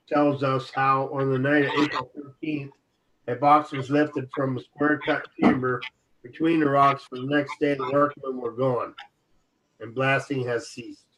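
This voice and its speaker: A man co-hosting an internet radio show, reading articles aloud and sometimes stumbling over words. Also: mid-range voice. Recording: dull lo-fi audio with steady noise.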